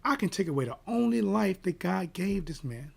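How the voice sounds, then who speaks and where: A man hosting a boxing channel, telling a personal story in an animated, emphatic way and checking in with "right?". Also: sits high, moderate pace, gravelly, slightly rough. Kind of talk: casual storytelling rant.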